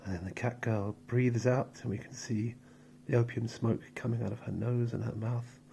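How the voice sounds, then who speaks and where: A man calmly narrating a story in a slow, soft, drawn-out way, with pauses between phrases. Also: medium pitch, gravelly, slight background noise.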